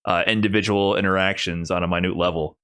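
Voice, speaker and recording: A man hosting a casual interview, animated and laughing often as he talks. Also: sits low, fast talker, smooth. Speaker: podcast host.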